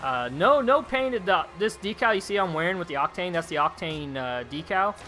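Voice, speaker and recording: A young man live streaming a game, chatting excitedly with viewers, reading their messages and calling them dude. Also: high-pitched, moderate pace, soft background music. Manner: excitable, chatty, reads chat aloud, calls viewers dude. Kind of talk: live gameplay streaming commentary.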